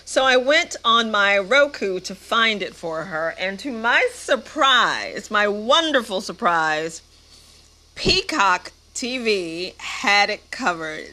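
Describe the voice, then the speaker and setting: Slow-talking woman recapping a movie. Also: mid-range voice, bright, forceful tone. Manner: sarcastic, playful. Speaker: movie reviewer.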